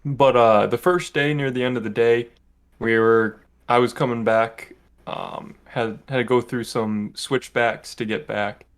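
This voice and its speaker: A young man co-hosting a podcast, recounting a trip in a relaxed, matter-of-fact way. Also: mid-range voice, unhurried, smooth. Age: young adult. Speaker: podcast co-host. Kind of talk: casual chat.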